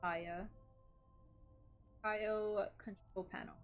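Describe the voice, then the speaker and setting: A woman streams a game with casual commentary. She reacts animatedly and stumbles through reading on-screen text aloud. Her voice sits at an ordinary middle pitch. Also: fairly even intonation, drawn-out words, muffled recording, faint music behind.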